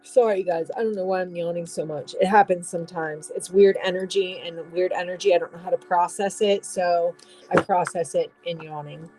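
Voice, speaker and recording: A woman's voice: on the low side, fairly even intonation, moderate pace, darkish tone, faint music behind, poor audio. A woman giving a casual tarot reading, rambling and restarting, swearing now and then. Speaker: tarot reader.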